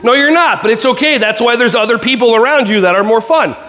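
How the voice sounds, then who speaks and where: A keynote speaker with an extremely high, slightly bright voice talks fast, keeping his motivational stage talk playful and full of jokes. He even throws in goofy laser noises for the live crowd in the conference hall.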